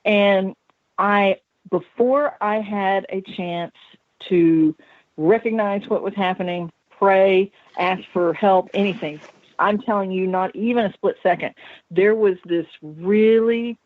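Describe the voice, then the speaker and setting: A woman who is an author and paranormal researcher, telling a story as a guest on a talk radio show in an animated way. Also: lowish voice, no room sound. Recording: tinny phone line, dry.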